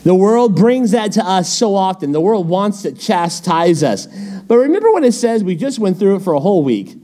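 A male pastor teaching a midweek Bible study, animated, firing off rhetorical questions and quips. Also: sits high, normal speed.

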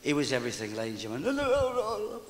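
A man's voice: on the high side, huge pitch swings, a little fast. A man, a singer and impressionist, chatting emotionally to a live audience between songs on a concert hall stage. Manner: emotional, chatty, self-mocking.

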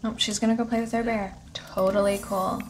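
A woman's voice: mid-range voice, flat delivery, brisk, a crowd in the background. A young woman giving casual commentary on her life-simulation game, chatting and bossing her characters around. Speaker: gaming channel host.

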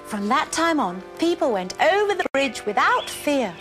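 A woman presenting a children's programme, reading a story aloud and coaxing children with questions in an animated way. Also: high-pitched, moderate pace, soft background music. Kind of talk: storytelling and quiz game for children.

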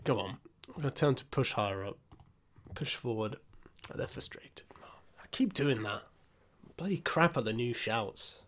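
A young man giving casual, self-mocking commentary while playing a football management game, muttering asides and breaking into excited outbursts. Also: medium pitch, normal speed. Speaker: gaming YouTuber.

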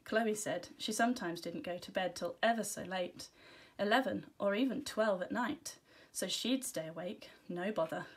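A woman teacher reads a children's storybook aloud. Her first-person narration is gentle and expressive, and her voice sits at an ordinary middle pitch. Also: moderate pace, hardly any pauses, husky. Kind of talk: storybook reading.

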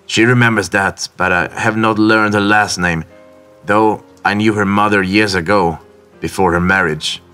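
A humble, eager young sailor, played by a male narrator speaks earnestly in a lifted storybook voice. The tone stays low yet bright, over faint music. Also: fairly even intonation, moderate pace, smooth.

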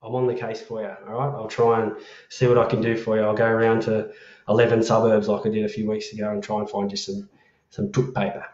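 A man's voice: on the low side, level tone, quick pace, darkish tone, reverberant, dull audio. An Australian man hosting a casual livestream, chatting matey and swearing freely while reading out viewer comments. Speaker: livestream host.

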